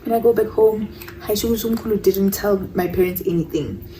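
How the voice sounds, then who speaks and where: Warm-voiced woman rambling. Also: mid-range voice, moderate pace, far from the mic, a little hiss or hum, rough recording. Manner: rambling, repeats herself, stumbles over words. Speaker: vlogger telling a personal story. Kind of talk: casual storytime. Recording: voice a bit off-mic.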